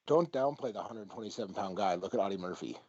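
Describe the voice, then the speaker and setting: A man's voice: on the low side, lively intonation, fast talker, a little mellow, husky, dry recording. A man hosting a podcast in casual chat, talking bluntly with plenty of swearing and rambling asides. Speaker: podcast host. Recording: dull lo-fi audio.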